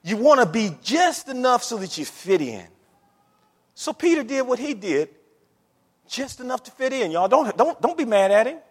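A man's voice: very high-pitched, big pitch swings, normal speed, slightly rough, in a large hall. A man preaching a sermon in a conversational way, calling out to the congregation. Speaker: pastor.

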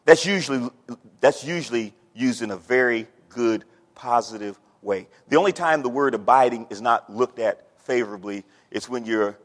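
A man's voice: mid-range voice, moderate pace. A man preaching a sermon as pastor, folksy, with homespun stories and plain everyday sayings. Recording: long hall reverb.

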